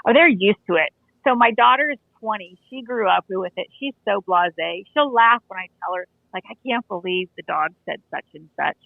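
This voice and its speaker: A woman's voice: medium pitch, expressive, moderate pace, gravelly, dry recording. A woman in her forties, an animal communicator, chatting in an interview and telling stories with frequent restarts. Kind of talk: casual interview chat. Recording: tinny dry phone-line audio.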